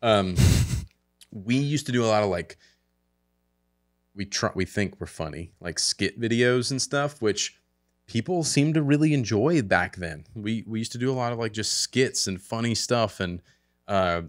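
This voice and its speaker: A man hosting a casual business podcast chat, animated and laughing often, swearing casually. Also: fairly low pitch, unhurried. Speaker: podcast host.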